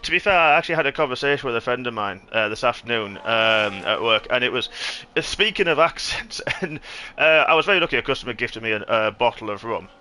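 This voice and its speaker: A man hosting and commentating a sim racing league broadcast, opening with showman-like, lively introductions. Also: medium pitch, quick pace, slight background noise. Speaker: lead commentator and show host.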